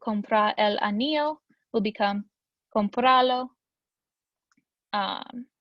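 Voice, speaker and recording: A woman's voice: a little high, creaky, no room sound, muffled recording. A young woman teaching a Spanish grammar lesson in a chatty, upbeat way, with frequent ums.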